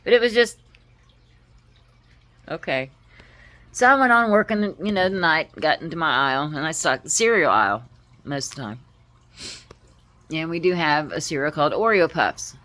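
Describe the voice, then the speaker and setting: A woman with a notably low voice talks straight to camera in a personal vlog. She speaks in a heartfelt, halting way, pausing and restarting as she tells her story. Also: lively intonation, a bit bright. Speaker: vlogger.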